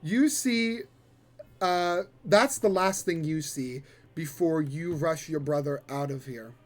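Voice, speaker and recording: High-voiced man narrating slowly as game master. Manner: descriptive, halting with fillers and swears.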